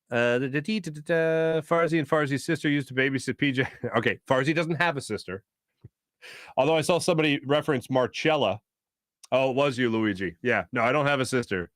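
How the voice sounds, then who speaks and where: A sports talk show host with a medium-pitched, slightly bright voice talks fairly quickly on his casual live stream. Chatty and jokey, he hums filler tunes, tries out celebrity impressions and reads viewer comments, with studio-quality sound and no echo.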